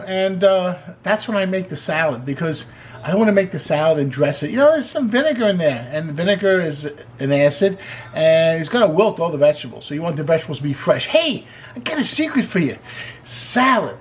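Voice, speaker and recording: A man's voice: sits high, animated, fast talker, slight background noise. A man hosting a casual cooking demonstration in a kitchen, chatty and enthusiastic, with joking asides. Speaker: cooking show host.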